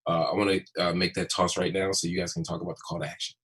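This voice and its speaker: A man moderating a webinar, introducing speakers quickly with many filler pauses. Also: sits low, level tone, a bit bright, breathy edge.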